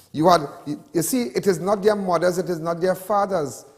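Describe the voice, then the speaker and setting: A man's voice: sits high, normal speed, hardly any pauses, a little mellow, in a large hall. A Trinidadian man hosting a show, ranting with passion and repeating himself. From Trinidad and Tobago. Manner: impassioned, repetitive ranting. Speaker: host. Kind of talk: ranting commentary.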